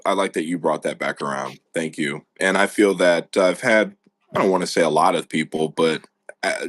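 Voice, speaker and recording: A man's voice: low-pitched, no echo, clean studio sound. A man from the United States hosting a podcast, chatting casually, rambling and laughing often as he talks. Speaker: podcast host.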